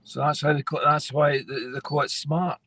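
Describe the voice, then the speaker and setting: A man's voice: on the high side, level tone, normal speed, a bit bright, slight background noise. A man with a Scottish accent co-hosting a casual chat and agreeing with the host in short replies.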